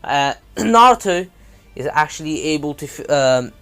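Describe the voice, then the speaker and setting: A man's voice: on the high side, lively intonation, measured pace, fairly bright tone, smooth, soft background music. A man casually retelling an anime fan story, rambling with frequent asides and jokes. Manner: rambling, many fillers and restarts, jokey asides.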